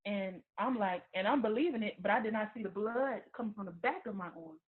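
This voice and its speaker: A woman giving a personal testimony, talking haltingly with many restarts and repeated words. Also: mid-range voice. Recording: tinny phone-like recording.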